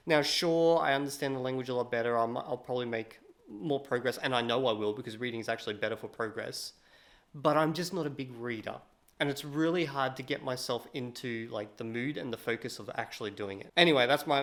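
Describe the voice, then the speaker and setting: Give me a candid man chatting to his vlog camera, thinking out loud, at an ordinary pitch. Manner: candid, rambling, thinking aloud. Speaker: language-learning vlogger. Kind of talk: casual vlog talk to camera.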